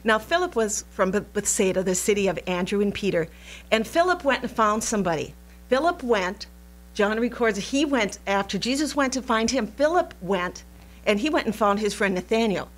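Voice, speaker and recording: An animated woman teaching a Bible lesson in a playful, chatty style, often breaking into laughter. Her voice sits at an ordinary middle pitch. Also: normal speed. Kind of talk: recorded Bible study lesson.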